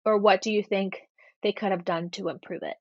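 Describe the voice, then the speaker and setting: A young woman co-hosting a casual chat show, retelling events in a relaxed way and steering to the next topic. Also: medium pitch, fairly quick, no echo, lo-fi sound. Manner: relaxed, storytelling, leads topic changes. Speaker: podcast co-host.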